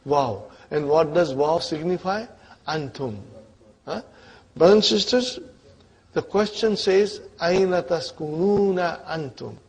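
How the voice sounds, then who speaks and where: A man's voice: on the high side, darkish tone, breathy edge. A man teaching an Arabic grammar lesson, quizzing his students and checking often whether they are following along. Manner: patient, repeats terms slowly.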